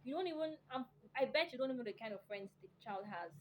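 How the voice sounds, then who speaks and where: A woman's voice: a little high, animated, fast, a little hiss or hum, rough recording. A middle-aged woman from Africa, a mother, lecturing parents in an impassioned monologue, emphatic and preachy, full of rhetorical questions. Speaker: vlogger addressing parents.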